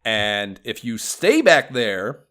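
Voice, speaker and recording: A man co-hosting a podcast, chatting casually about retro video games, excitable, swearing freely and laughing often. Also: lowish voice, slow pace. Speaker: podcast co-host.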